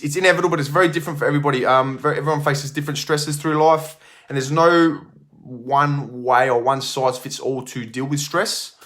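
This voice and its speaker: Rambling gym owner. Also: male voice, fairly high pitch, a bit bright. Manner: rambling, many fillers and restarts. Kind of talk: casual storytelling to camera.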